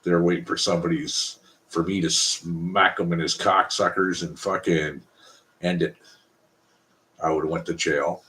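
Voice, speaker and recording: A man's voice: sits low, fairly even intonation, unhurried, sharp tone. A Canadian man hosting a casual live stream, talking bluntly and profanely in a rambling way.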